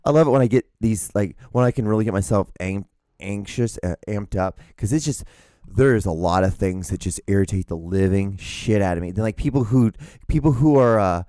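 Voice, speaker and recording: A man's voice: lowish voice, a little fast, mellow, no echo. A man hosting a solo podcast, ranting with lots of swearing and mocking voices, seated at a desk microphone. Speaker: podcast host. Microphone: desk microphone in front of him.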